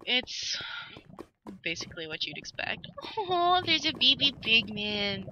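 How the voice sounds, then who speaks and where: A woman's voice: a little high, big pitch swings, unhurried. A young woman hosting a casual gaming video, ranting with exasperation and breaking into giggles. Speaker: gaming channel host. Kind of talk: casual gameplay chat. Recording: loud background noise.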